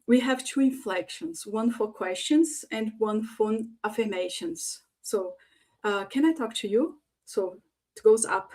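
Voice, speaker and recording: A woman's voice: mid-range voice, a little mellow. A woman giving an online conference presentation on voice and leadership, talking with many fillers and acting out sample phrases in different tones. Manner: frequent fillers, demonstrates phrases in varied tones. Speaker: conference speaker.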